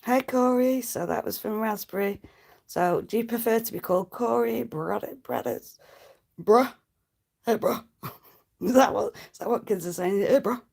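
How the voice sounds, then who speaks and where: Gravelly, husky woman streamer. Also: fairly high pitch, moderate pace, darkish tone. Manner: chatty, laughs often, cheeky banter. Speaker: livestream host. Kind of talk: casual livestream chat with viewers.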